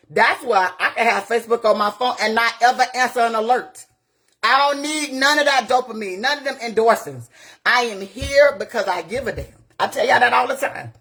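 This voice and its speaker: A woman's voice: sits high, fairly bright tone, slightly rough. A woman community activist from Florida, ranting bluntly and profanely on a live phone video and firing off rhetorical questions. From Gainesville, Florida. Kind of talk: impassioned live-video rant.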